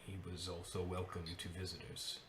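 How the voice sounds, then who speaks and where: A man's voice: deep voice, reverberant, crowd noise, lightly acted. A man voicing an aloof, dry-witted father to a grown child during a tabletop game. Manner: dry, unhurried, deadpan. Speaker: game master.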